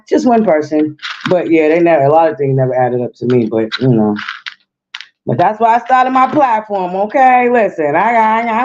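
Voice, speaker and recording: With a lowish, somewhat mellow voice, a woman hosts her livestream in a relaxed, chatty manner and repeatedly speaks to her viewers directly. She's slightly out of breath, and the audio is dull and lo-fi.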